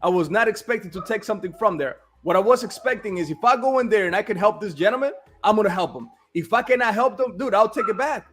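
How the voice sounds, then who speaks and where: A man's voice: high voice, expressive, fast talker, few pauses, fairly bright tone. A man in casual business chat, blunt and emphatic, often asking "all right?".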